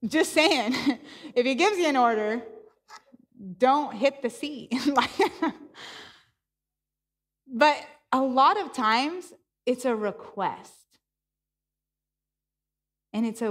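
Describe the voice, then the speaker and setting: A woman's voice: a little high, takes it slowly, pauses often. Woman preaching at church, storytelling style, lots of back-and-forth dialogue, echoey hall. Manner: animated storytelling with laughs and acted-out dialogue. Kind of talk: sermon.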